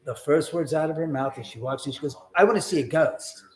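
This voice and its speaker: A man's voice: a little high, brisk. A man hosting a live stream from his own house, telling a story in a chatty, casual way, acting out the voices of the people he quotes and swearing now and then.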